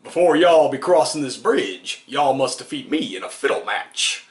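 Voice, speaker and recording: A man voicing a menacing toothless hillbilly with a raspy Southern drawl, recorded in an echoey room. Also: expressive, normal speed, close to an everyday voice. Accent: Southern US rural. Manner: threatening drawl, higher and louder. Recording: roomy echo.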